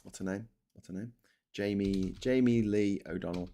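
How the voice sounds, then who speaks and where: A man's voice: lowish voice, steady tone, moderate pace, dark tone. Sweary British man rambling on a live stream. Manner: sweary, rambling, self-mocking asides. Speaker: host. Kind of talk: casual live-stream chat.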